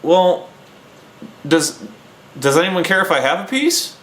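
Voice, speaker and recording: A man doing an excited gamer shouting his moves. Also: sits high, slow pace, reverberant, pitched above the performer's own voice, heavily acted. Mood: offhand. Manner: eager, shouting game moves. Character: hungry male gamer lost in the game.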